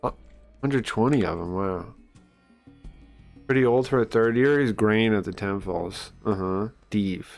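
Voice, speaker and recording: Rambling male streamer, low-key. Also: a little slow, gravelly, long pauses, faint music behind. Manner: rambling, explanatory, many fillers. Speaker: streamer reading a comic aloud. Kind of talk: casual live-stream commentary.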